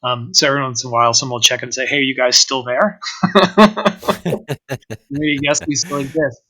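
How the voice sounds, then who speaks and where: Being interviewed as a guest, this man, who owns an organic winery, talks casually about running the vineyard, hesitating often with plenty of ums and restarts. He has a mid-range voice with a sharp tone, a flat delivery and a moderate pace, captured in poor audio.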